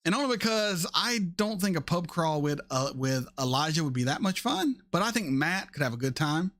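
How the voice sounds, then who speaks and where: A man in his thirties hosting a casual chat, answering viewer questions in a blunt, animated way and swearing freely. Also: a little high, moderate pace. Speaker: reaction channel host.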